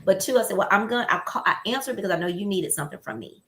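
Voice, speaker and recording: Woman w/ chatting, bright voice, animated storyteller, echoey room. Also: medium pitch, very fast. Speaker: podcast co-host. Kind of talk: casual chat.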